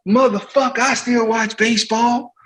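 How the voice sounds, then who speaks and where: A man imitating a famous star athlete, gruff and swearing bluntly, in a raised voice. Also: very high voice, fairly even intonation, moderate pace, fairly bright tone, a little hiss or hum, pitched above the performer's own voice. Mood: brash. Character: grown man, famous athlete, brash and teasing.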